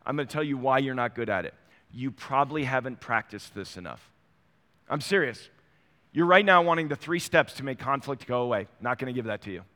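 A man's voice: medium pitch, pushed and bright. A middle-aged man preaching a sermon as pastor, in a conversational way that acts out small everyday dialogues. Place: church sanctuary. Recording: long hall reverb.

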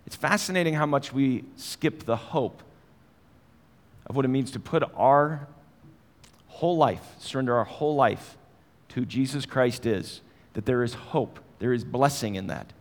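A man's voice: medium pitch, unhurried, big-room sound. A man preaching a sermon in a conversational way, asking his listeners direct questions. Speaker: pastor.

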